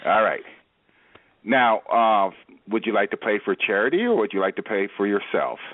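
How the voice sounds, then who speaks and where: A man's voice: fairly low pitch, big pitch swings, moderate pace, no echo. A man hosting a radio interview show, playful and teasing, with jokes and games, heard over a tinny phone-like line.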